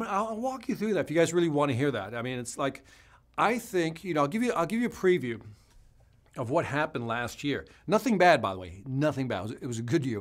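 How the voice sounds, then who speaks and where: A man hosting a live stream as a sales trainer, chatting energetically and answering viewer comments directly. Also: on the high side. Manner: energetic, conversational, talks straight to viewers.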